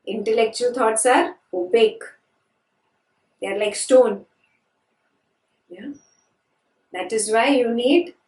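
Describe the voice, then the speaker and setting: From a distance in an echoey room, a woman leads a scripture class, questioning her students and repeating key phrases. Her voice sits at medium pitch with a slightly mellow quality.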